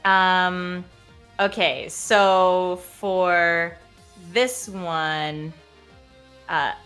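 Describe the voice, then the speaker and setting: A woman's voice: lowish voice, fairly even intonation, extremely slow, fairly bright tone, clean tone, soft background music. A woman playing a tabletop game casually, thinking aloud in a hesitant, giggly way. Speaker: player.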